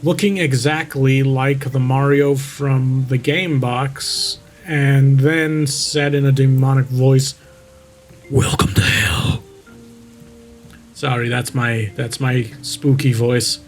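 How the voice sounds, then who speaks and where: A man's voice: medium pitch, steady tone, takes it slowly, few pauses, soft background music. A man reading a creepypasta aloud and breaking off to mock it with sarcastic commentary, close to the mic. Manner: sarcastic, interrupts the story to make fun of it.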